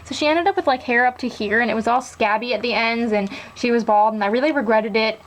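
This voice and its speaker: A woman's voice: fairly high pitch, fast talker, low-quality recording. A young adult woman chatting casually as she shows off her doll collection, rambling with lots of fillers. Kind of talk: casual show-and-tell chat.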